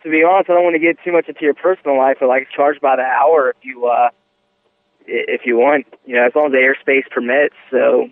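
A man's voice: medium pitch, fairly even intonation, a little fast, dry recording. Stammering man on a tinny phone line. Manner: hesitant, stammering, growing irritated. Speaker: prank call target. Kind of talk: phone conversation.

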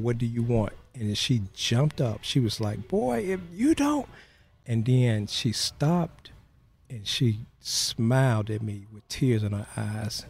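A man's voice: medium pitch, darkish tone, slightly rough. A man being interviewed as a guest, telling a personal story in an earnest, plain-spoken way and acting out the voices of people in it.

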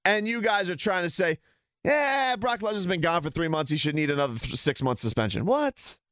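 A man hosting a sports talk segment, ranting with heat and sarcasm. His voice sits a little high and swings widely up and down as he gets worked up, and the sound is dry and close. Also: animated, brisk, fairly bright tone, no echo.

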